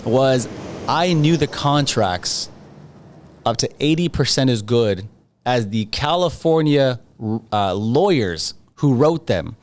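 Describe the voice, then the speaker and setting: Man, podcast guest, mid-pitched voice, confident, emphatic, punchy repetition, conversational. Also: expressive, takes it slowly. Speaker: podcast guest, real estate agent. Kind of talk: conversational interview.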